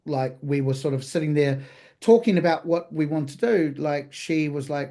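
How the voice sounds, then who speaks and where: A man's voice: on the high side, normal speed, warm tone. A man with a New Zealand accent, a chef guest on a podcast, telling candid, profane stories about his past. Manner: candid, profane, vivid anecdotal storytelling. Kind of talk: casual storytelling interview.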